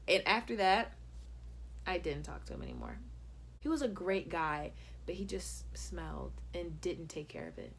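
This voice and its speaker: A woman's voice: lowish voice, very animated, normal speed, pushed and bright, breathy edge. A young woman telling a casual storytime, chatty and full of "like", acting out what people said. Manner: chatty, heavy use of "like", acts out quotes. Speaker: YouTube storyteller.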